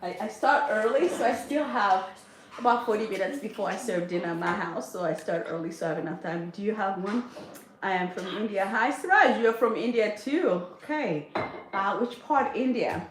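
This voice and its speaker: Her voice sits at a medium pitch, expressive and at normal speed. She's a middle-aged mother of a large family livestreaming casually from her home kitchen, chatting with viewers, reading their comments aloud and laughing a lot as she cooks, with the room echoey and faintly noisy.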